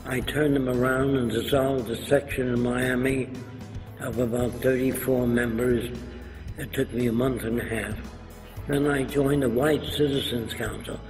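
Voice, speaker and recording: A man's voice: mid-range voice, little pitch movement, unhurried, faint music behind. An older man, being interviewed, telling anecdotes in a lecturing way and acting out other people's voices. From New York. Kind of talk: anecdotal storytelling. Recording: echoey room, faint hiss.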